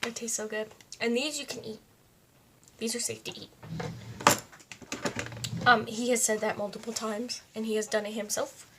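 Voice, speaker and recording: Woman, fairly high voice, chatty makeup tutorial, talks to herself, home recording, faint noise. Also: steady tone, moderate pace, long pauses. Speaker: beauty vlogger. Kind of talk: casual makeup tutorial talk. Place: home, indoors.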